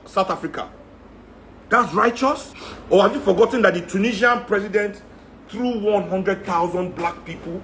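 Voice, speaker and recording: A man's voice: high voice, fairly bright tone, slight background noise. A man with a Nigerian accent giving an impassioned rant, firing off rhetorical questions. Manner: heated, rhetorical, repeating questions. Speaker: speaker in a talk.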